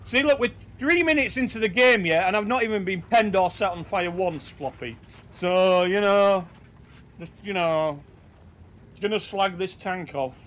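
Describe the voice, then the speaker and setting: A man giving casual, sweary, excitable commentary over his own tank gameplay. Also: high voice, a little slow. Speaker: gaming commentator.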